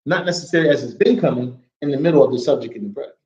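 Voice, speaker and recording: A man with an American accent teaching an Arabic lesson to a small class, lively and often checking that everyone follows. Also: mid-range voice, rapid-fire, highs cut off. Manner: lively, mixes English with Arabic reading, checks understanding often.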